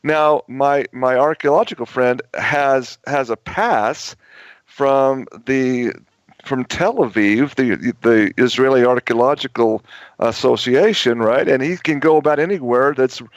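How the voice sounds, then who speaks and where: A man's voice: medium pitch, dry recording. Rambling man telling a story on radio. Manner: rambling, many restarts and repetitions. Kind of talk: radio talk show storytelling. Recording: dull lo-fi radio audio.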